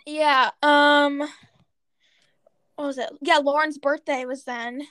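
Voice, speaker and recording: A woman's voice: high-pitched, steady tone, slow pace, a bit bright, dry recording. A woman chatting casually on a podcast, rambling and searching for words with many fillers. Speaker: podcast co-host. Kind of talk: casual chat.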